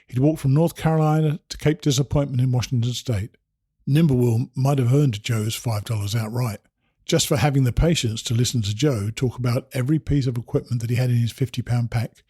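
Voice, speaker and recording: A man reading a first-person memoir aloud, in steady storytelling with wry asides. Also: medium pitch, breathy edge, dry recording, clean studio sound. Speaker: narrator.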